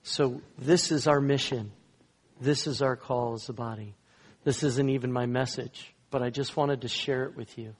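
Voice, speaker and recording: A man, a guest pastor, telling a story in a sermon, swinging between loud emphatic lines and hushed soft ones. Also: medium pitch, fairly even intonation, normal speed, breathy edge. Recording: long reverb in a large hall.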